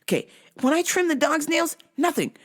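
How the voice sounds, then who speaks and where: A woman's voice: high voice, normal speed. A woman hosting a vlog, ranting in a casual, comedic way and swearing often as she tells stories. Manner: profane, animated storytelling with frequent swearing. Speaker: vlog host.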